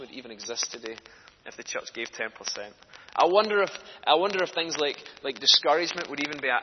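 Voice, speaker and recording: A man preaching a sermon, telling stories earnestly and building to passionate emphasis. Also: mid-range voice. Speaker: speaker for a children's charity preaching in church. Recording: echoey hall, dull lo-fi sound, faint noise.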